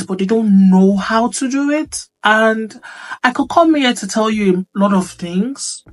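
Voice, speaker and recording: A woman speaking on womanhood gives an earnest motivational talk at a medium pitch, repeating her points and repeatedly checking that the listener is following.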